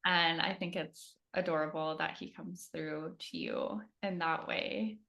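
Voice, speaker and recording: A woman with a voice that sits lower than most women's but sounds bright and forceful. She talks in a calm, earnest, measured way, choosing her words with care. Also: vocal fry. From Canada. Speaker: spiritual medium. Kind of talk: casual conversation.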